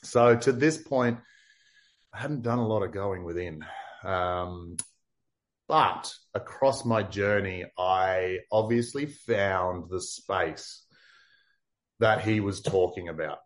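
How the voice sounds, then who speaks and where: An Australian man from far north Queensland tells a story as an interview guest. His voice sits a little low and he talks casually, dropping "like" often. He animates his story by playing the other people in it. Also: slow pace. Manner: animated, acts out quotes, many "like" fillers.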